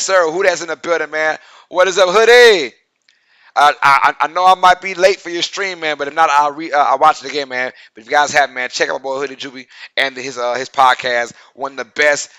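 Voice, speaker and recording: A young man with a Southern twang talks through a live sports stream in a loose, chatty way, full of fillers, and hypes up his viewers. His voice sits a touch high and rings bright. The sound is close and dry, with no room in it. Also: a little fast, smooth, dry recording. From Louisiana. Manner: chatty, filler-heavy, hypes up viewers, reads chat aloud. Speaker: sports podcast co-host.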